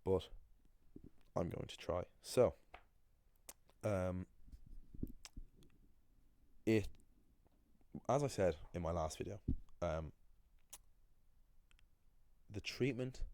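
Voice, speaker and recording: A man's voice: sits low, slow, long pauses, warm tone. A young man, a language teacher, talks through an anecdote in a casual, opinionated, rambling way. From Ireland. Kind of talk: casual explanatory video monologue.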